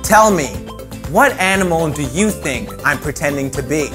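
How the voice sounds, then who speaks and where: A man's voice: a little high, animated, normal speed, fairly bright tone. A man hosting a preschool educational show, upbeat and playful, talking directly to young viewers and acting out animals. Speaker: children's show host. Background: music.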